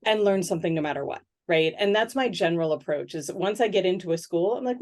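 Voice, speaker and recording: A middle-aged woman sociologist answering interview questions in a thoughtful, conversational way, often pausing with "um" and checking in with "right?". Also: lowish voice. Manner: thoughtful, many "um"s and "right?" tags, animated when quoting others.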